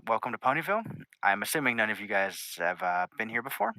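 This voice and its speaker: A man's voice: lowish voice, sing-song, fast talker, pushed and bright, dry recording, full character voice, low-quality recording. A man voicing a tired, scholarly female pony princess who is flustered and hesitant, full of ums.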